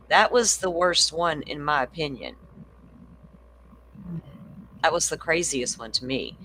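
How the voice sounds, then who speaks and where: A woman hosting a casual true crime livestream, blunt and swearing freely as she thinks out loud. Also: deep voice, lively intonation, normal speed, long pauses, slight background noise, low-quality recording.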